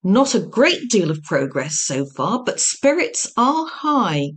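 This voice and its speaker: A woman voicing a young female officer who is giggly one moment and tearful the next, speaking high and drawn out. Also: very animated, takes it slowly, slightly rough, full character voice. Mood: cheerful.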